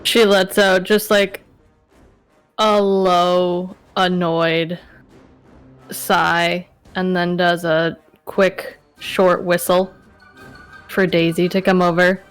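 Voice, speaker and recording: Smooth, very slow woman player. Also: lowish voice, little pitch movement, soft background music. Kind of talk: describing her character's actions in a tabletop game.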